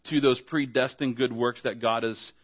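A man's voice: mid-range voice, fairly even intonation, moderate pace, highs cut off. A man preaching an evening sermon, speaking conversationally and acting out little back-and-forth dialogues to make his points. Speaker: pastor.

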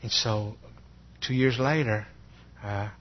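A husky middle-aged man with a drawl tells his own testimony in an earnest, halting voice. He stumbles and repeats words as he goes. The recording sounds dull and lo-fi. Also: on the low side. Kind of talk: personal testimony.

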